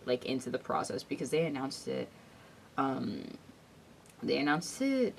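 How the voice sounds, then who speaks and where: A woman with a low voice chats loosely on a podcast, filling her sentences with "like" and breaking into giggles. She sits a little back from the microphone, so her voice sounds slightly distant, with a faint hiss behind it. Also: sing-song, measured pace, creaky. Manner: rambling, heavy use of filler words, giggly. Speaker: podcast co-host. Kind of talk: casual chat.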